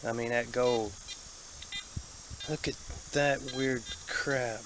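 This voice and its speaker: A man giving folksy, excitable commentary to a handheld camera as he metal detects in a creek, a bit out of breath. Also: medium pitch, takes it slowly. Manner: excitable, folksy, talks to camera while working. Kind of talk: casual running commentary while detecting. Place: outdoors in a creek. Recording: outdoor camera audio with clear background noise.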